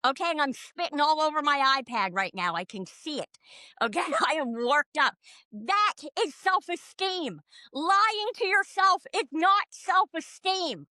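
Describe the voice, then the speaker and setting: A woman comedian in casual podcast chat, profane and animated, ranting with big swings in loudness. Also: high-pitched, unhurried, no echo. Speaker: comedian guest.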